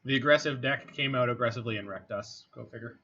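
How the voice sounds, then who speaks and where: A man's voice: medium pitch, fast talker, sharp tone. Wry man thinking aloud over a card game. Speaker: game streamer. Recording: slightly dull home mic with faint noise.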